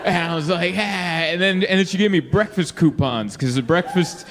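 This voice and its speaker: A man doing a stand-up comedy set in a club, telling stories with lively delivery and acting out the people in them. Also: sits high, normal speed. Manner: lively storytelling, acts out quoted people in shifting voices. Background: audience laughter.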